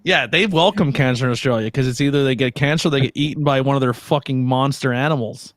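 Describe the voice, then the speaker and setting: A man's voice: mid-range voice, fast, dry recording. Bantering man with dry, close sound. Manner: profane, joking, does silly voices. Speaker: podcast host. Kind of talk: casual chat.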